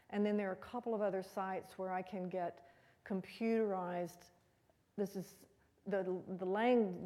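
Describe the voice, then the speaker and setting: A woman's voice: mid-range voice, creaky, dark tone, big-room sound. A woman giving a conversational, rambling history talk as a guest speaker in a museum room.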